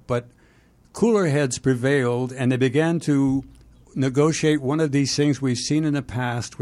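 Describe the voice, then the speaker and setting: A man's voice: mid-range voice, a little mellow. A man hosting an interview, asking long questions that he restarts and rambles through. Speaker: host.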